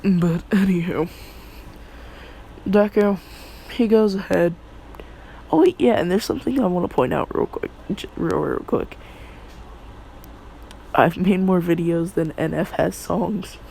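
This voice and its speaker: Male storyteller, casual and rambling; slow, unhurried delivery with a slight fry. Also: high-pitched, dark tone, a little hiss or hum, low-quality recording. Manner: rambling, filler-heavy, offhand asides. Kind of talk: casual spoken fan story.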